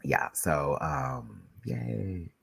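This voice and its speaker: A man's voice: low voice, animated, drawn-out words, creaky, slightly rough, no room sound. A man hosting a live YouTube stream in a loose, chatty way, stuffy with a head cold and swearing freely as he rambles. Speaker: YouTube recap host. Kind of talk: casual live-stream chat.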